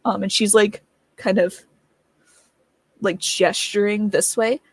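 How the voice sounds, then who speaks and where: A woman playing a tabletop game, spinning a playful, animated scheme for her character. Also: medium pitch, takes it slowly, slightly rough, dry recording. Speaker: player. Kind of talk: in-character tabletop role-play.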